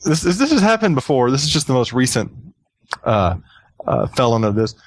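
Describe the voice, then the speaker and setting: A man's voice: medium pitch, very animated, brisk, dry recording. A man hosting a podcast in easy casual chat. He often repeats himself and laughs along as he talks. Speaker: podcast host.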